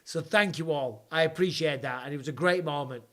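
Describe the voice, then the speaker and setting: A man hosting a live fight watch party from home, chatting with viewers and reacting excitedly, with casual swearing. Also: fairly high pitch, brisk. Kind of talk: live watch-along commentary and chat.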